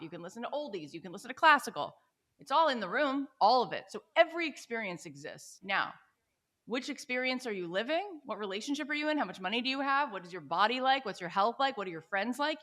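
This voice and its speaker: A woman in her forties from the United States talks as a guest on an interview show. She tells her stories with animated enthusiasm and often checks in with "right?". Her pitch sits in an ordinary middle range for a woman. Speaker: podcast guest. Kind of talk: conversational storytelling interview.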